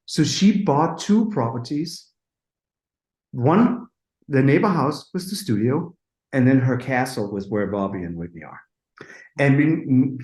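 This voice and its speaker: A middle-aged man, a music producer, telling anecdotes in a lively, casual way, acting out what people said and swearing freely. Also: medium pitch, reverberant, poor audio. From Denmark. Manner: animated, acts out quotes, swears freely.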